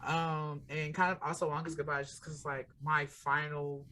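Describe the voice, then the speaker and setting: Chatty young Southern woman, lower voice. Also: flat delivery, moderate pace, bright, forceful tone. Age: early 20s. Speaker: podcast co-host. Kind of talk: casual chat.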